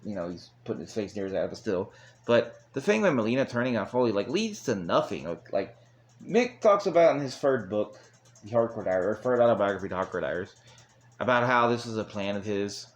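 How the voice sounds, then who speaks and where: A man's voice: on the low side, lively intonation, brisk, faint music behind. A man recapping an old wrestling episode in a rambling, casual way with chuckling asides. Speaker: wrestling show reviewer.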